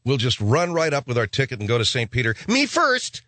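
This talk radio host talks fast in a mid-range voice, with no echo on the recording. His comic monologue rambles along with plenty of animation and the occasional mock voice.

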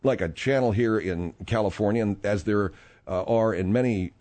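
A middle-aged man hosting a talk-radio show, rambling in a casual, animated way with plenty of fillers. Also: fairly low pitch, normal speed.

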